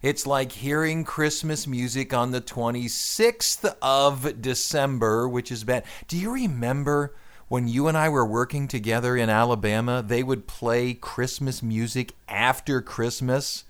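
A man's voice: mid-range voice, unhurried, fairly bright tone, smooth. A man hosting a radio show in a studio, chatting wryly and wandering off on tangents. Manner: chatty, wry, tangent-prone. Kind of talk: casual radio chat.

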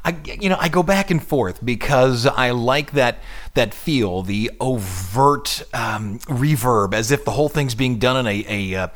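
A middle-aged man hosting a radio show in casual chat, explaining music with animated asides. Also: mid-range voice, a little slow. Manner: animated, hums and imitates instrument sounds while explaining.

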